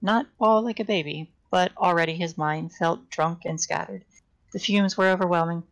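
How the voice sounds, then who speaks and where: A woman with a lowish, gravelly voice reads a novel aloud on a live stream. She reads unpolished, often tripping over a phrase and correcting herself before carrying on. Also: normal speed, low-quality recording. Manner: unpolished live reading with frequent restarts and self-corrections. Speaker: reader.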